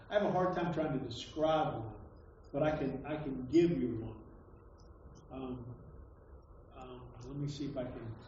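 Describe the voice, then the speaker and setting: High-voiced man preaching in an echoey hall. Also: a little mellow, far from the mic, a little hiss or hum. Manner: conversational, stammers and repeats words, emphatic. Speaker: pastor. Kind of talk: sermon. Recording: echoey hall, dull lo-fi sound.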